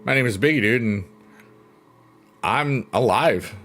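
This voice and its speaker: A man's voice: medium pitch, unhurried. A man hosting a casual live stream, chatting with viewers and joking in a goofy, playful way. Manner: goofy, playful, jokes and laughs a lot. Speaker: livestream host. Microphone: close desk microphone. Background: soft guitar music.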